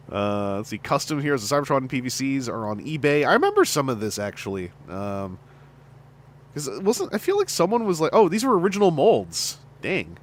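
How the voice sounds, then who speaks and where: Brief: chatty male streamer, around forty, lively up-and-down delivery, laughs a lot. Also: medium pitch, normal speed, pauses often. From Canada. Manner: animated, chatty, laughing often. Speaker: streamer host and fan voice actor. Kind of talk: casual livestream chat.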